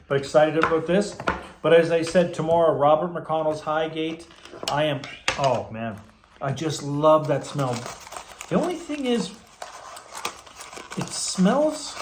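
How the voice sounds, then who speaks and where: A man vlogging in a casual, rambling, enthusiastic way, tired with his voice going hoarse. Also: a little high, reverberant, a little hiss or hum. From Canada. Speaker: pipe tobacco vlogger. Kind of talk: casual vlog chat.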